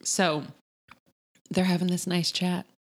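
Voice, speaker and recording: A woman's voice: fairly low pitch, level tone, slow. A woman co-hosting a podcast, chatting casually as she recaps a TV episode, acting out quotes in funny voices. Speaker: podcast co-host.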